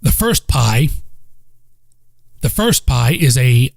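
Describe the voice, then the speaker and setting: A man's voice: medium pitch, very animated, slow, creaky, darkish tone, no echo. A man with a Southern accent, hosting a solo podcast in a blunt, profane, rambling way that repeats itself. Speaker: podcast host. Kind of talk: casual solo podcast talk. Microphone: home microphone.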